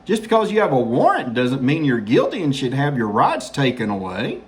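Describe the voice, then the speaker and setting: A man's voice: mid-range voice, wildly swooping pitch, moderate pace. A man hosting a political commentary show, sarcastic and mocking as he reacts to news. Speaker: host.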